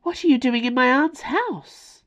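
A woman's voice: sits high, animated, unhurried, highs cut off, voice pushed up. A woman voicing a prim, flustered young woman who tries to sound brave with a slight quaver, in a storybook reading.

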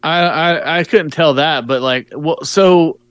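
A man's voice: fairly high pitch, slow pace, a bit bright, clear, resonant tone, dry recording. A man co-hosting a casual horror movie podcast, easygoing, with hesitant restarts. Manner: easygoing, hesitant restarts, enthusiastic about gore. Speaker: podcast co-host reviewing horror films. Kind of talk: casual chat.

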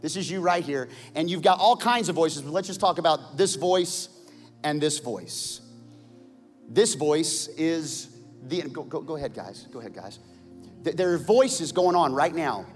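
A male pastor preaches in a somewhat high voice, swinging from loud calls to the crowd to hushed intensity. The large church hall adds a long reverb, and soft music sits faintly behind him. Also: lively intonation, unhurried. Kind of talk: sermon.

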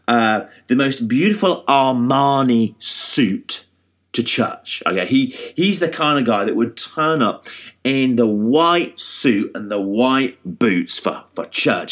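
A man preaching a sermon in a conversational way, with restarts and fillers. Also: medium pitch.

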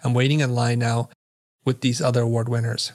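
Middle-aged man telling a lively story. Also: medium pitch, fairly quick. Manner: vivid storyteller who acts out quoted dialogue. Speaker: interview guest. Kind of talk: animated storytelling in conversation.

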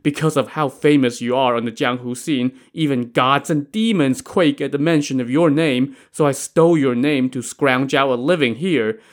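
A man voicing a cowardly male highway robber and imposter who talks in a trembling, pleading way. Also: moderate pace, hardly any pauses, natural voice. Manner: pleading, trembling, high-pitched.

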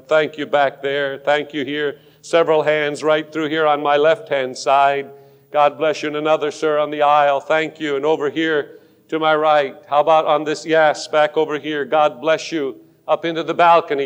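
Pleading pastor in an echoing sanctuary. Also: male voice, a little high, clear, resonant tone. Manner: pleading and urgent, rising to fervent force. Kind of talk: sermon altar call. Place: large church sanctuary with a balcony. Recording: long hall reverb of a church.

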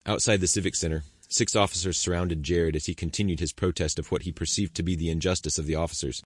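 Deep-voiced male audiobook narrator. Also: fairly even intonation, fast talker, hardly any pauses, husky, no room sound, studio quality. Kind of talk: scripted narration.

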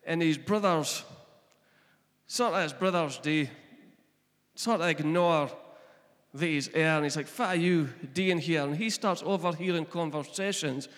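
Scottish pastor guy, slow unhurried sermon, casual storyteller, long reverb from the big hall. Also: fairly high pitch, fairly bright tone. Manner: storytelling, retelling scripture in plain everyday speech. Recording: long echo of a large hall.

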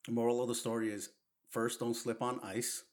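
A man's voice: medium pitch, level tone, fairly quick. A man co-hosting a casual chat, teasing his partner with dry humor and frequent laughter.

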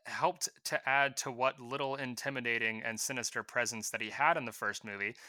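A man co-hosting a film podcast, shifting between patron thank-yous and casual back-and-forth. His voice is very bright and sits at a middle pitch, recorded close and dry. He delivers his remarks in an even, wry way. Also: a little fast, no room sound. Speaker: podcast co-host. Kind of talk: casual podcast talk and sponsor reads.

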